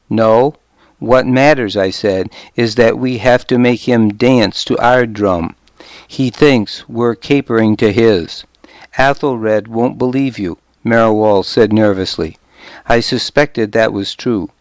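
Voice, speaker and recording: A man reads a story aloud in unhurried, measured narration. His voice is smooth and clear, recorded close and dry with no room sound. He gives the characters light voices without leaving his own. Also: medium pitch, dry recording. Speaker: audiobook narrator. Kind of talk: scripted narration with character dialogue.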